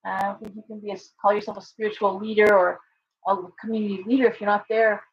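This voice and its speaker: A woman's voice: medium pitch, level tone, quick pace, highs cut off. A woman hosting a casual live stream as a tarot reader, talking earnestly and rambling with many fillers and restarts while reading viewer comments aloud. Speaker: livestream host and tarot reader.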